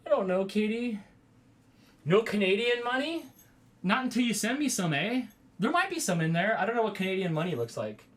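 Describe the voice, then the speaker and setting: A man in his thirties with a fairly high voice, chatting loosely with his viewers on a livestream from home. He rambles from one thing to the next and breaks into excited exclamations. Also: a little fast. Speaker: vlogger hosting a livestream. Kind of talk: casual livestream chat with viewers.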